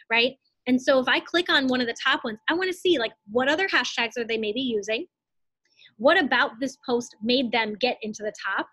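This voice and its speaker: A young woman in her twenties coaching her team in a live online training, talking fast and casually with lots of "like"s and blunt asides. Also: sits high, bright, forceful tone, no room sound. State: out of breath.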